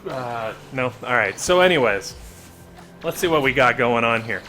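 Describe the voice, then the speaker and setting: A man's voice: medium pitch, expressive, normal speed, pushed and bright, soft background music. Man rambling over gameplay. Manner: rambling, joking asides. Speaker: gaming video creator. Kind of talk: casual gameplay commentary.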